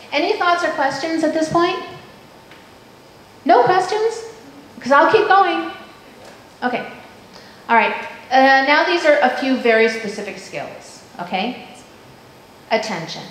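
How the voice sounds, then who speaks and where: A woman in her fifties giving a workshop talk to parents, lively and full of questions, acting out quoted voices. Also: on the high side. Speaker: parent education speaker. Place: school room. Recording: very echoey room with faint noise.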